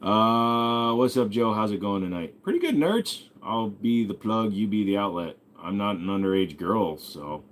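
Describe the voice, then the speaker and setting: A man's voice: fairly low pitch, steady tone, unhurried, few pauses, fairly bright tone, a little hiss or hum. A young man hosting a laid-back livestream, reading viewer comments aloud and answering with crude, swear-heavy jokes. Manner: joking, crude, swears often, talks to chat. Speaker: livestream host.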